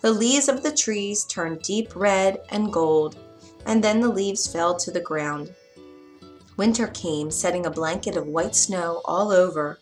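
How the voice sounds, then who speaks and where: A woman reading a children's story aloud, gentle and expressive. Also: fairly low pitch, measured pace, faint music behind.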